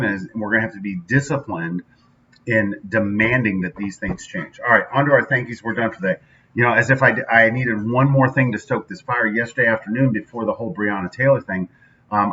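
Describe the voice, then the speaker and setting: A man's voice: medium pitch, a little hiss or hum. A man hosting his daily show, talking casually and with emphasis about what's on his mind. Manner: energetic, conversational, emphatic. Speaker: daily podcast host. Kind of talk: casual solo motivational talk. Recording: dull lo-fi sound from a distance with faint ambience.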